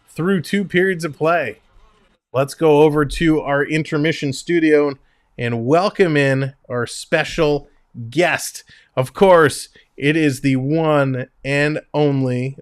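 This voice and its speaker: A man's voice: on the high side, no echo, studio quality. Upbeat man hosting a hockey stream. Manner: upbeat play-by-play, reads stats, jokes. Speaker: stream host. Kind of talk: live hockey stream chat.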